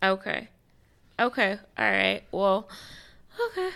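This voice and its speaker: A woman in her forties, a mother, talking casually on a podcast in a halting way, with many pauses and fillers. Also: mid-range voice, gravelly, sharp tone, clean tone. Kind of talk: casual conversation.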